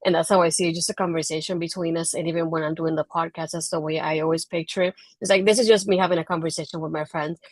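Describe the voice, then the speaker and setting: Brief: Puerto Rican woman, low and level voice, dry sound, interview guest. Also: steady tone, fast, hardly any pauses, darkish tone, no room sound. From Puerto Rico. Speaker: guest, wrestling blogger. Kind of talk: casual interview answer.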